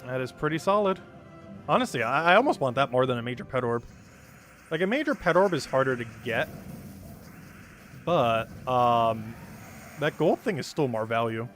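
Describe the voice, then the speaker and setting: Brief: a man streaming a game, pitch jumping about as he talks, chatty, answers viewers, laughs easily, soft music underneath. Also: animated, normal speed, long pauses. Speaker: live streamer. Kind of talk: casual gameplay commentary.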